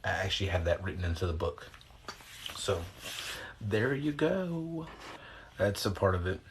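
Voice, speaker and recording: A man's voice: low-pitched, unhurried, slight background noise. A man chatting casually on a livestream, rambling in loose slang with some swearing, answering viewer questions and guiding breathing exercises, speaking into a phone. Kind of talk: casual livestream chat and guided breathing instruction.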